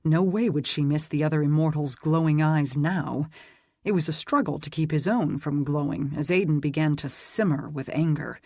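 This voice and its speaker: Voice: medium pitch, a little mellow, no room sound. Dry, close audiobook narrator. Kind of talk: scripted narration.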